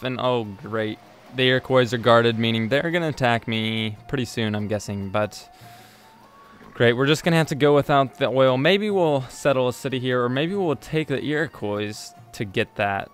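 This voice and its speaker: A man gives casual commentary while he plays a strategy game. He rambles and hesitates, filling pauses with ums and correcting himself, at an ordinary pitch. Faint game music runs underneath. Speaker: let's play host.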